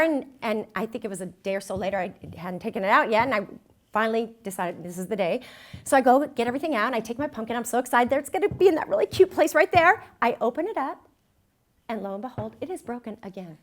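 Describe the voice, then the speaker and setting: Animated woman telling a sermon story. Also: on the high side. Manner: storytelling, animated, self-mocking. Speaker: speaker.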